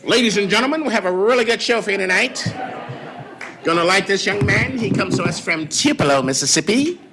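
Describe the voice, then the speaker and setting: A man's voice: sits high, animated, brisk, over music. A man putting on the voice of a male television variety-show host, announcing an act in a formal showman's manner.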